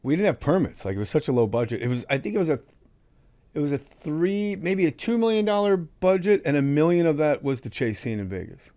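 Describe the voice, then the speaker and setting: A man hosting a podcast, telling profane, animated stories in casual chat and acting out the people he quotes. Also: a little high, a little fast, dry recording. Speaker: podcast host.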